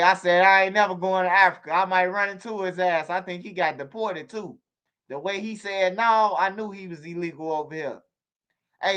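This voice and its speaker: A man hosting a stream, telling stories in a slangy, animated way and repeating himself. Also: high voice. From Chicago. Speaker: channel host on a livestream. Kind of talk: casual storytelling to viewers.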